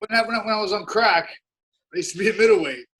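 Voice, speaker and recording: Brash, profane man with a bright voice. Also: high-pitched, racing. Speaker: podcast guest. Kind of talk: casual podcast banter.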